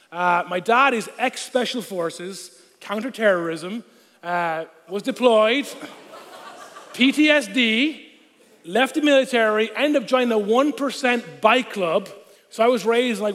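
High-voiced animated man preaching in a reverberant hall. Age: 30s. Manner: animated, humorous, acts out voices. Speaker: pastor. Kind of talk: storytelling sermon. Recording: long reverb of a large hall.

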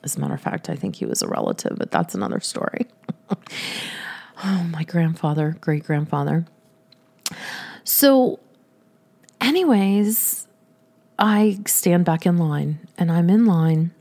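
A woman telling a funny personal story in a lively way, often breaking into laughter as she talks. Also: fairly low pitch, a little slow, vocal fry, pauses often.

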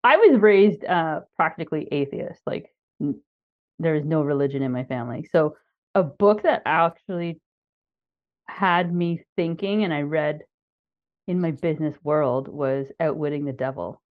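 A woman guest on a podcast speaks in a lowish voice, earnest and emphatic as she makes her points. Her sound is a little dull and lo-fi, as if heard over a remote call line. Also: moderate pace. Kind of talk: casual podcast chat.

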